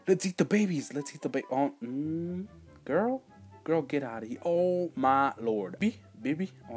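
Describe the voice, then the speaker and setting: A young-sounding man hosts his own gaming channel, chatting loosely over his play. He rambles, trips over words, then bursts into loud yelps before dropping back to a low mutter. Soft music plays faintly beneath him. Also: normal speed. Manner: rambling, excitable, with sudden loud outbursts and quiet asides. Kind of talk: casual let's-play commentary.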